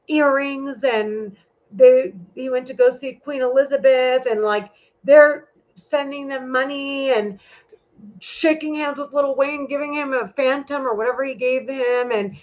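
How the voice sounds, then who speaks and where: Heated, swearing woman on muffled audio. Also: high voice. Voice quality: profane, rambling, heated. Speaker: vlogger. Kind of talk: casual vlog monologue. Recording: muffled lo-fi recording.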